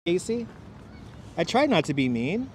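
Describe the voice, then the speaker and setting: A chatty Brooklyn man with a high voice hosts a live walking stream from a city waterfront, greeting viewers by name and joking with the chat. A clip-on wireless mic keeps his voice close, with faint traffic and city hum behind him. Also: big pitch swings, measured pace. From Brooklyn, New York. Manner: chatty, reads out viewer names and jokes with chat.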